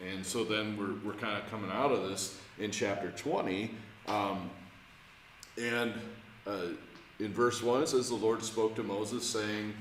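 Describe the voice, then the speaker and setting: A man's voice: fairly low pitch, fairly even intonation, unhurried, a little hiss or hum. Conversational man teaching in an echoey church. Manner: conversational, hesitant, many restarts and questions to the group. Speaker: pastor leading Bible study. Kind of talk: informal Bible study teaching. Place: church room. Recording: echoey church room, faint ambience.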